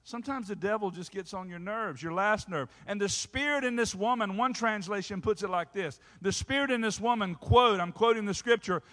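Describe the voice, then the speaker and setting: Male pastor, high voice, preaching with lots of call-and-response, sound ringing through a reverberant church. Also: a little fast, few pauses. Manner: preaching with call-and-response asides, rising to loud shouts. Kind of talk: sermon. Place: church sanctuary. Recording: hall reverb.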